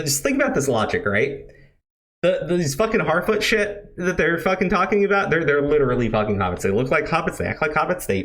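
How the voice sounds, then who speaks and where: A man's voice: fairly high pitch, fairly bright tone. A man giving an angry, profane rant commentary, stumbling and restarting as he talks. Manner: heated, profane, stammering restarts. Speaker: video commentator.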